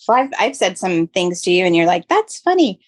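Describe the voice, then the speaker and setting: An American woman from Florida co-hosts a podcast, chatting animatedly in casual conversation and laughing often. Her voice has a fairly low pitch and she talks a little fast.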